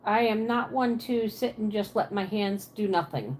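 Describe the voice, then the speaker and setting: A woman's voice: medium pitch, moderate pace, a little mellow, slight background noise. A woman from Pennsylvania with a Pennsylvania Dutch accent and a Southern twang, chatting casually on a livestream from her apartment and answering viewers' comments aloud.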